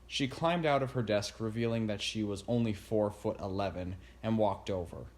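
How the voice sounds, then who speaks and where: A man narrating a storybook chapter in a steady reading voice. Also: lowish voice, normal speed. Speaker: audiobook narrator.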